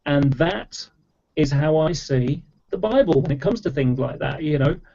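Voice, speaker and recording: A man's voice: fairly high pitch, expressive, unhurried, creaky, dark tone. A man explaining at length in casual chat, rambling with lots of fillers and restarts. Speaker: debater in an online chat. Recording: dull lo-fi audio.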